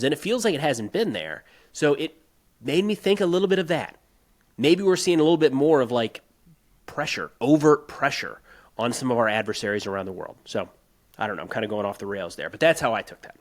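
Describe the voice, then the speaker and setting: A man co-hosting a podcast, talking through politics casually and turning animated and emphatic as he rants. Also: medium pitch, a little fast. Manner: animated, rising to emphatic outbursts when ranting; conversational with frequent restarts. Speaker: podcast co-host.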